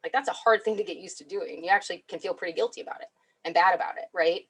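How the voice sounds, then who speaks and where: A woman's voice: fairly low pitch, very fast, husky. A woman giving a chatty webinar talk as a clinical psychologist, often asking "right?". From United States. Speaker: clinical psychologist guest speaker.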